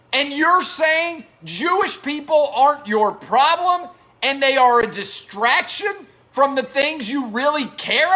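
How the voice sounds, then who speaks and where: Male opinion host, indignant and sarcastic, with a high, bright, forceful voice. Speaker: show host. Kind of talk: sports opinion commentary.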